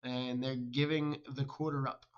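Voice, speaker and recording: A man's voice: medium pitch, level tone, unhurried, highs cut off. A man commenting on a football video game and interviewing coaches in a chatty, teasing way. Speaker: host and commentator.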